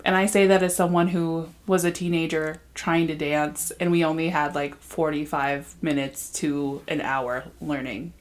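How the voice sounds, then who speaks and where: A young woman with a slightly low voice chats casually as a podcast co-host. She rambles, circles back on herself and leans on filler words as she reacts to what she's watching. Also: steady tone, normal speed, hardly any pauses. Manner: rambling, full of "like" fillers and restarts. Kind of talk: casual chat.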